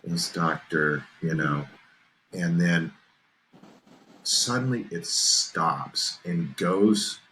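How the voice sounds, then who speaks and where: A man with a low, deep voice and a bright, forceful edge, spinning an eerie tale on a podcast. He builds suspense, pauses to ask "okay?", and leans into the drama. A faint hiss of noise sits behind him. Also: lively intonation, low-quality recording. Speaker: podcast host. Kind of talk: casual storytelling chat.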